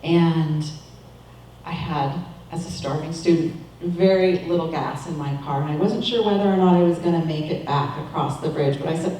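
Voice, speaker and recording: A middle-aged woman giving a calm, measured, reflective sermon as a minister. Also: sits low, distant mic, a little hiss or hum. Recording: echoey room, voice from off-mic.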